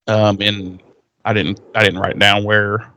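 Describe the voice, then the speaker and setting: A man's voice: on the low side, flat delivery, a little slow, bright, forceful tone, clean tone. A man co-hosting a podcast, casually recapping an episode and acting out the characters' lines in a raised, swearing voice. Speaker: podcast co-host.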